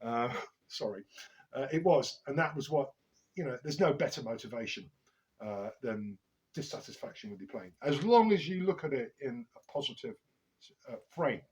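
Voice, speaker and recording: Brief: male drum teacher, mid-pitched voice, measured and explanatory. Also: sing-song, a little mellow, poor audio. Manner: measured, explanatory, with frequent filler "uh". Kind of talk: instructional drum lesson.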